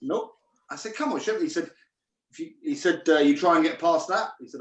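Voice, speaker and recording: Higher-voiced guy telling sweary chef stories, sounds far off in an echoey room. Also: animated, brisk, a bit bright. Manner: swears freely, laughs while telling stories. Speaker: guest chef. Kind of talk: casual storytelling on a video call. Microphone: video call.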